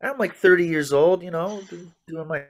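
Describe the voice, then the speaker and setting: Animated storyteller man in his fifties. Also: high-pitched, moderate pace. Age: 50s. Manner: animated anecdotes, frequent "man" and "you know"; acts out others' words in quoted dialogue. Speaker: interview guest, jazz musician. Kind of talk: conversational storytelling interview.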